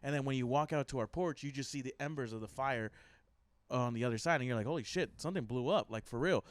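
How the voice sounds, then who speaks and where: A young man co-hosting a casual podcast, telling a story quickly with lots of "like" and laughter. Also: medium pitch, dry recording. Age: young adult. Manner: fast, laughing storyteller full of "like" and "I was like". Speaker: podcast co-host.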